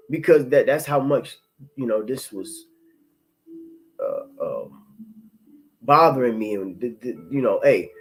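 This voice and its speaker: A man's voice: mid-range voice, poor audio. Man giving a profane, rambling testimony. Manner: profane, rambling, repeats words and restarts; reads scripture slowly and more loudly. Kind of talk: informal spoken testimony with scripture reading.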